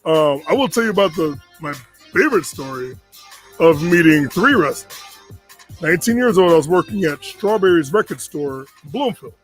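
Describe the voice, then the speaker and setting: Speaking at a moderate pace with a fairly high voice, a man in his forties from Connecticut recounts a lengthy story casually. He animatedly performs the quoted voices of others, and faint music sits in the background.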